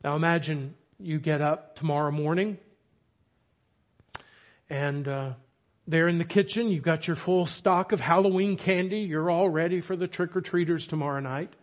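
A man's voice: fairly high pitch, moderate pace. A man preaching a sermon, with emphatic, dramatic storytelling. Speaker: pastor.

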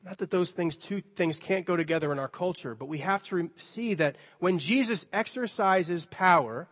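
A high-voiced pastor delivers a sermon in a church sanctuary, speaking conversationally with a light playfulness and voicing the characters in his story. He keeps a moderate pace and a fairly bright tone. The hall adds a long reverb.

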